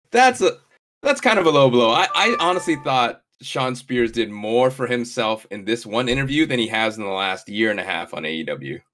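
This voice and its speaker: A man co-hosting a relaxed wrestling recap, talking eagerly and agreeing with real emphasis. His voice sits at a middle pitch. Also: moderate pace, noisy background. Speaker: podcast co-host. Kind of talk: casual wrestling recap chat.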